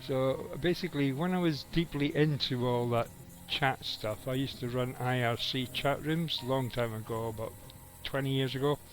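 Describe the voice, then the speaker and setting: A man's voice: mid-range voice, normal speed, hardly any pauses, faint music behind, low-quality recording. A middle-aged man, giving rambling, casual live commentary on his game and chatting with viewers, swearing now and then. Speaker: game streamer.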